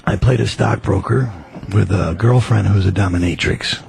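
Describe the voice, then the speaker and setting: A man's voice: lowish voice, normal speed, creaky, a little mellow, slight background noise. A man who is a guest actor on a radio talk show, chatting casually in a laid-back, drawling way.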